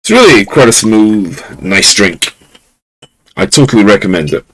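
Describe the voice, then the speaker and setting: A man's voice: on the low side, very animated, unhurried, fairly bright tone, husky, no echo, low-quality recording. A Scottish man hosting a podcast, telling stories in a rambling, chuckling way with lots of fillers, at home on a lesser mic. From Scotland. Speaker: podcast host. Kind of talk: casual storytelling. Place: home room.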